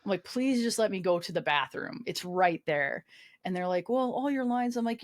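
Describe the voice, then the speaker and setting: A woman's voice: medium pitch, lively intonation, normal speed. A woman in her twenties, a guest on a podcast, telling a personal story candidly with self-mocking humor, swearing and lots of fillers. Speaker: podcast guest, army veteran.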